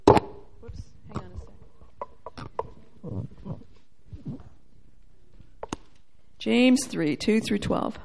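A woman teaching a sermon in a church setting, animated and playful, acting out quoted voices as she goes. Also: mid-range voice, extremely slow, gravelly, pauses often, a little hiss or hum. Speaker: Bible teacher.

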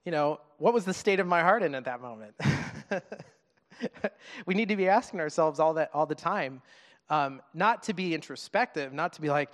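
A man in his thirties preaching a sermon to a congregation, earnest and conversational, halting often to restart his thought. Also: a little high, animated. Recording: long reverb of a large hall.

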